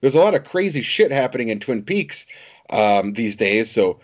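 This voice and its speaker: A man co-hosting a casual podcast chat, talking in a lively, laughing way with some casual swearing. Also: mid-range voice, normal speed. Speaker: podcast co-host. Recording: dull lo-fi podcast audio.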